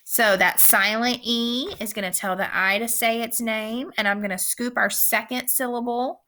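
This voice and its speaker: Bright-voiced woman teaching phonics. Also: fairly high pitch, steady tone. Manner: slow, clear instructional pacing with repeated words. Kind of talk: recorded phonics lesson.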